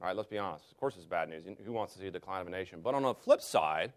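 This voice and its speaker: A man's voice: sits low, animated, racing. American man teaching a Bible study. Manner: earnest, conversational teaching with rhetorical questions. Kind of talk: classroom Bible study lecture.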